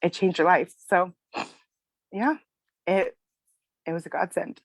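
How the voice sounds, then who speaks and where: Emotional mother telling a halting story. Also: fairly low pitch, fairly even intonation. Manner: tearful, apologetic, halting. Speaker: guest sharing a testimonial.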